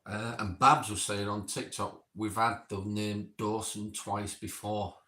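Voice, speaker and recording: A man with a low-ish, level voice that's bright and forceful reads back timestamped notes from an experiment session at an unhurried pace. He keeps it casual, adding chatty asides, and the recording has a roomy echo.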